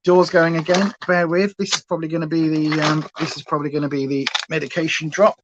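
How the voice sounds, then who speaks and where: A woman's voice: deep voice, little pitch movement, fast talker, highs cut off, background noise. A woman hosting a casual makeup livestream from home, chatting and going off on tangents. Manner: chatty, rambling, goes off on tangents. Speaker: beauty livestream host.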